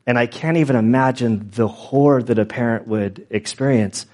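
A middle-aged pastor telling stories in a loose, self-deprecating sermon with many restarts and asides. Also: male voice, mid-range voice, moderate pace, a little mellow. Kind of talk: conversational Bible teaching with stories.

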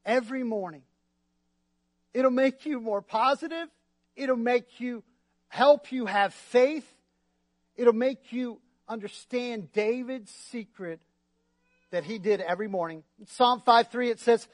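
A male pastor preaches with a bright, high voice, joking and calling for amens from the congregation. The sound is dry and close, with little room echo. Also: unhurried, long pauses. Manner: lively, joking, asks the crowd for responses. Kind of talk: sermon. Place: church.

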